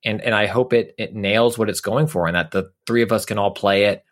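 A man's voice: on the low side, fairly even intonation, a little fast. A man co-hosting a gaming podcast, chatting casually in a playful, joking way. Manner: playful, joking, frequent "um" fillers. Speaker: podcast co-host. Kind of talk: casual chat.

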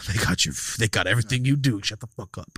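A man's voice: on the low side, a little fast, a bit bright, breathy edge, dry recording. A man hosting a podcast, chatting casually and telling profane stories, acting out what people said. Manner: profane, acts out quotes with big swings, laughs a lot. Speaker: podcast host. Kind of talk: casual chat, storytelling.

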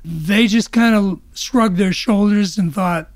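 A man's voice: high voice, takes it slowly, dry recording. Older man recalling events, dry sound. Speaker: interviewee, father of the storyteller.

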